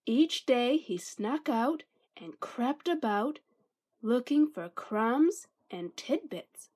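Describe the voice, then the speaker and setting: Woman, storyteller, children's book read-aloud, high voice, lively sing-song pitch, expressive. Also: slow pace, breathy edge.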